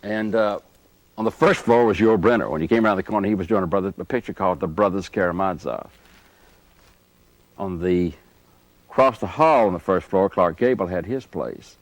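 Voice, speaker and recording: A man being interviewed, telling lively anecdotes and chuckling as he goes. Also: low-pitched, a little fast, dry recording. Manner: animated anecdote teller, chuckles through stories. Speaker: interview guest. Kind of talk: storytelling reminiscence.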